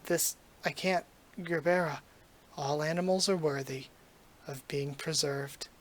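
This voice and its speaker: Man voicing a gentle, earnest young cop, quiet and restrained, slightly high voice. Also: fairly even intonation, a little slow.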